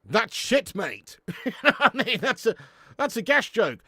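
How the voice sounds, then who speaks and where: A man's voice: very high-pitched, very animated, a little slow, pushed and bright, dry recording, clean studio sound. Bantering English man from Dorset. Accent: southern English. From Dorset, England. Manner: banter, slangy, laughing, swearing. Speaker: live stream host. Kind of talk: casual watch-along chat reading live chat.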